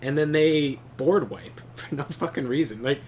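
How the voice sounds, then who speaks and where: A man's voice: a little high, moderate pace, slight background noise. Young man swearing through gaming stories. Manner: animated storytelling, swears often. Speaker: streamer. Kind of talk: casual chat while gaming.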